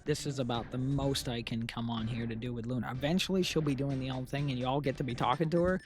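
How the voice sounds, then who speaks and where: A man running an AI VTuber channel chats casually on stream, rambling and venting to his viewers and frequently restarting his sentences. His mid-range voice holds a steady tone and he talks fast, with music playing underneath.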